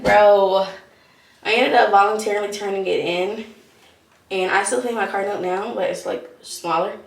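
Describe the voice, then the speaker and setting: A young woman vlogger talks candidly through a personal story and acts out the back-and-forth of her conversations. Her voice sits a little high. The sound is roomy and echoey, and she is set back from the mic. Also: far from the mic. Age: young adult. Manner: candid, animated retelling with quoted dialogue. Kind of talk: casual storytelling vlog.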